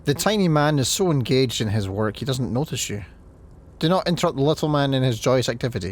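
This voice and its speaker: A man's voice: mid-range voice, expressive, fairly quick. A man with a Scottish accent giving casual, chatty gameplay commentary and reading game text aloud. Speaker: let's play host.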